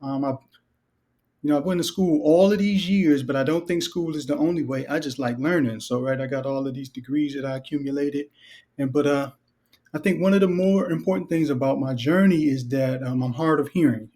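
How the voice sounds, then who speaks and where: This middle-aged man from Detroit, Michigan, is a guest author and educator chatting casually in an interview. His medium-pitched voice moves a little fast, and he comes across as relaxed, joking, and reflective.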